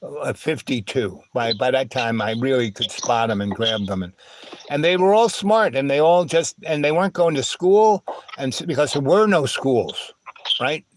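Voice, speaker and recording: A man's voice: mid-range voice, expressive, normal speed, a little hiss or hum. A man telling stories in casual talk, acting out the voices in his quoted dialogue. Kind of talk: casual storytelling.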